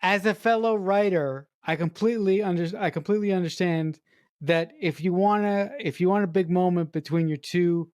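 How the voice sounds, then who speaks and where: A woman's voice: on the low side, moderate pace, darkish tone, dry recording, clean studio sound. A woman co-hosting a movie podcast who is also a writer, talking enthusiastically and repeating words as she gathers her thoughts. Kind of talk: casual movie review chat.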